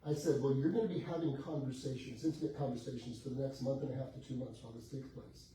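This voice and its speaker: A man's voice: medium pitch, steady tone, fast talker, mellow. A middle-aged man coaching a class on real estate, telling a client story and acting out both sides of the conversation. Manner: acts out both sides of a sales conversation, laughing often. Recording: echoey room with faint background noise, heard from a distance.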